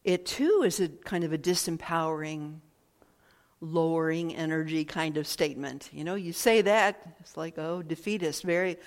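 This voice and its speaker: A woman giving a thoughtful, reflective talk at an unhurried pace, often repeating phrases and pausing to find words. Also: on the low side. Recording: long hall reverb.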